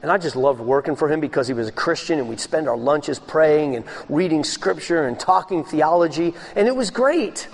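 A man preaching a sermon as pastor, swinging between loud, raised passages and hushed, low ones. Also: animated, normal speed, gravelly, hardly any pauses.

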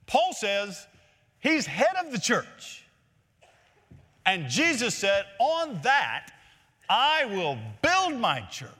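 Bright-voiced male pastor preaching. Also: huge pitch swings, very slow, long pauses. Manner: emphatic preaching, repeats key phrases, rises in pitch to stress points. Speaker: senior pastor. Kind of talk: sermon. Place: large church sanctuary. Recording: long hall reverb from a church.

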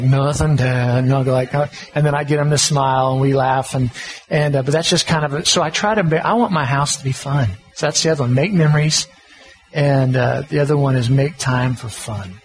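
A man's voice: on the high side, poor audio. A middle-aged man, giving a folksy, conversational sermon on parenting as a pastor. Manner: folksy, conversational, self-deprecating.

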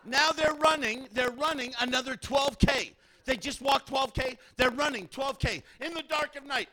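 A man preaching a sermon, telling a story dramatically and acting out the people in it, sometimes shouting. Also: extremely high pitch, normal speed. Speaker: pastor.

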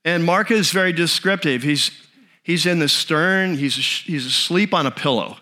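A man preaching a sermon, telling a story in an animated, conversational way with frequent restarts. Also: fairly high pitch, moderate pace. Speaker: pastor.

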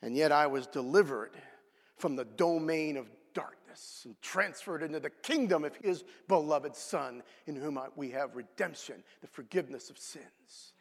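A man preaching a sermon, swinging between loud outbursts and hushed, quiet asides. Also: on the high side, moderate pace, creaky. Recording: long hall reverb.

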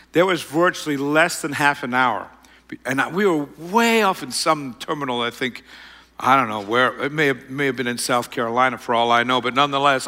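A middle-aged man telling a self-mocking personal story to an audience, rambling and animated. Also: a little high, in a large hall.

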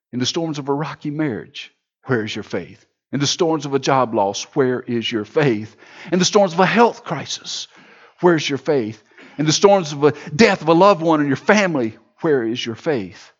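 A man preaching a sermon in a church, with a rhythmic, repetitive, building delivery, heard on a dull recording. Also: on the high side. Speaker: pastor.

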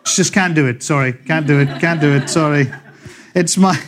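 A middle-aged man with a Scottish accent preaching a sermon, chatty and joking with the congregation, reading scripture slowly and loudly. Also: on the high side. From Scotland. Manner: slows and swells when reading scripture. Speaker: pastor. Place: church.

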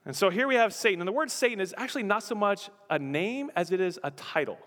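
A man's voice: high voice, animated, quick pace, few pauses, fairly bright tone, in a large hall. A male pastor preaching a sermon in an emphatic, repetitive style. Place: church.

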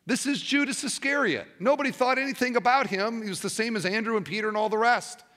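A man's voice: very high voice, quick pace, bright, forceful tone, long reverb tail. A male pastor preaching a sermon, telling a story and asking rhetorical questions.

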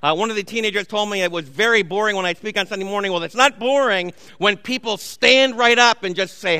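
A man's voice: sits high, brisk, few pauses, pushed and bright, clear, resonant tone, dry recording, long reverb tail. A man, a pastor preaching a sermon in a church, telling stories conversationally with asides to the congregation. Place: church sanctuary.

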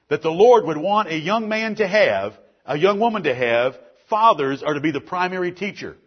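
High-voiced preaching pastor, husky, muffled. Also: male voice. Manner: preaching with swelling emphasis, repeated lists. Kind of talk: sermon.

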